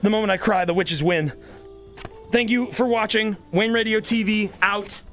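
High, excitable male game streamer. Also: normal speed, faint music behind. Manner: excitable, swearing, yelling at the game. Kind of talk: casual gameplay commentary.

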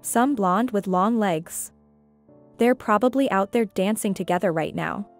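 A woman's voice: medium pitch, unhurried, faint music behind, close to an everyday voice. A woman voicing a heartbroken, snappish young woman in a narrated story.

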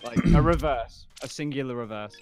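A man's voice: medium pitch, normal speed, a little mellow, soft background music. A man in casual gaming banter, dropping short quips. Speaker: gaming channel member.

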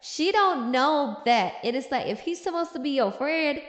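A woman's voice: high voice, lively intonation, normal speed. Sassy woman recapping a comic. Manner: sassy, laughing, slangy. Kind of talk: casual comic recap commentary. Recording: roomy echo.

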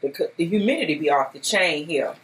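A woman's voice: sits low, animated, fast, rough recording. A woman hosting a mukbang eating show, chatting in an upbeat casual way and talking straight to her viewers. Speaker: mukbang host. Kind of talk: casual chat while eating.

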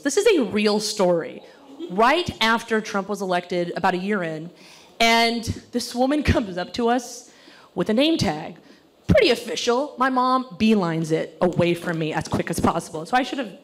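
A woman in her thirties performing a stand-up comedy set on stage, acting out other people's voices in quick bursts. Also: medium pitch. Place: stage before a laughing audience.

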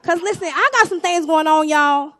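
A young woman preaching a sermon with a Southern US accent, swinging between hushed asides and loud exhortation. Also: high voice, normal speed.

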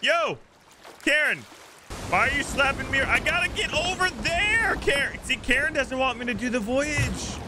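A man streaming a game, excitable commentary full of yelps and shouts at the action. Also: very high-pitched, normal speed. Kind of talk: live gameplay commentary. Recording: loud game sea and boat noise behind.

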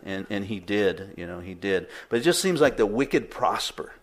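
A man's voice: fairly low pitch, lively intonation, moderate pace, few pauses. A middle-aged man pastor giving a conversational sermon, with frequent fillers and repeated words.

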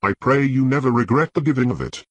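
Brief: male narrator reading a young queen, commanding and resolute; husky low voice, swinging pitch, dry sound, solemn measured delivery. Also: expressive, dry recording.

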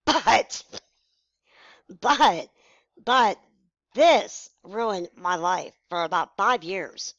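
A woman's voice: medium pitch, animated, drawn-out words, pauses often, a bit bright, no echo, lo-fi sound. A woman in her forties telling a personal story to her viewers, frank, emotional and blunt. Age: 40s. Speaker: vlogger. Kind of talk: candid personal story to camera.

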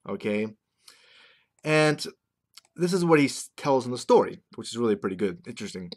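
A man's voice: mid-range voice, lively intonation, moderate pace. A man in a casual talking-head monologue, rambling conversationally as a marketing vlogger. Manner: rambling, conversational, keeps checking in with "right?".

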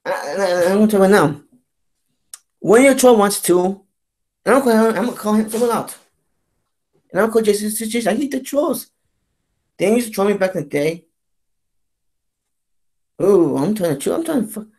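A man vlogging a rambling, profane rant, halting and repetitive, with frequent restarts and stammers. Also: high voice, darkish tone. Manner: profane, repetitive, keeps saying "you know what I'm saying". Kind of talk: rambling ranting monologue.

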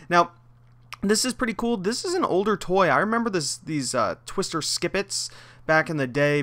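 Chatty young reseller man, slightly high. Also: pushed and bright. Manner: chatty, explaining deals step by step. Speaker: thrift reseller vlogger. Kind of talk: casual vlog voiceover.

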